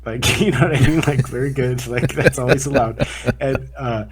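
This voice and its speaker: A man co-hosting a podcast, chatting casually about sports in a rambling, profane, animated way. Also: medium pitch, moderate pace, over a noisy crowd. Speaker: podcast co-host. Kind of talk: casual chat.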